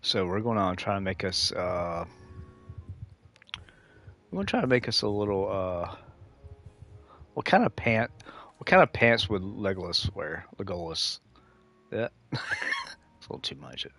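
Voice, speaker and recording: A man's voice: low-pitched, expressive, normal speed, long pauses, a bit bright. A man streaming a game, chatting casually and rambling off on tangents, laughing at his own stories. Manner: rambling, easily sidetracked storytelling. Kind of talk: casual live-stream chat.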